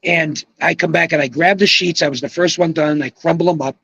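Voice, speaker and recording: An older man telling an animated story as a podcast guest, excitable, swearing and acting out quotes. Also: on the high side, brisk, gravelly, breathy edge, no echo, dull audio.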